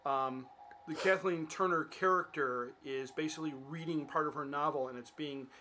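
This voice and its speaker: A man co-hosting a casual podcast, playful and quick with interjections and cheers. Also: on the high side, bright, forceful tone, a little hiss or hum. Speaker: podcast co-host. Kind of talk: casual chat.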